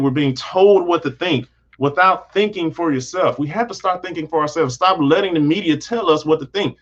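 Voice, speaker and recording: A man's voice: high voice, a bit bright, dull audio. A man hosting his own channel, talking earnestly in a casual livestream, rambling and restarting his sentences often. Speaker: channel host.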